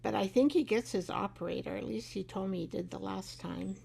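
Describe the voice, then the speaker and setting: A woman's voice: mid-range voice, fairly quick, creaky, warm tone, slightly rough. A middle-aged woman hosting a live craft show, chatting and rambling as she works, laughing often and talking to her craft pieces. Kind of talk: live craft tutorial chat.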